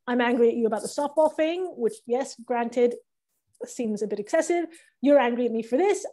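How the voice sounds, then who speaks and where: An earnest, apologetic new boss with a high voice, played by a woman in an online improv scene. She reasons and placates, trying to smooth things over. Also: animated, normal speed, warm tone. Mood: placating. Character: newly promoted woman boss, guilty and apologetic. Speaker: improv performer. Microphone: online call.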